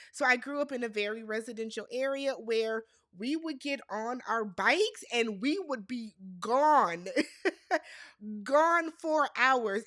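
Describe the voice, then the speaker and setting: A woman's voice: fairly high pitch, fairly bright tone, no echo, studio quality. A young woman hosting a casual reality TV recap, sassy and talking back to the cast.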